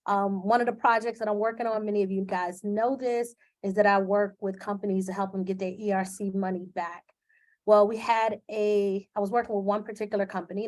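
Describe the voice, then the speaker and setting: A slightly mellow, medium-pitched female voice belongs to a live video host talking into her computer camera. She sounds candid, earnest, and emotional, and uses frequent filler words.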